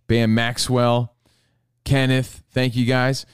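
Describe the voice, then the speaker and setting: A man's voice: medium pitch, completely flat delivery, slow pace, clear, resonant tone, dry recording, clean studio sound. A man hosting a casual sports talk show, laid-back and sure of his opinions.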